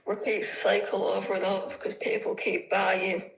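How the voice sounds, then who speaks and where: A woman's voice: mid-range voice, little pitch movement, normal speed, gravelly. A woman with an English accent calls in to a livestream. She speaks hesitantly and mumbles, filling her speech with "uh" and "like". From England. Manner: hesitant, mumbling, many fillers. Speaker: guest caller. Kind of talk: casual chat.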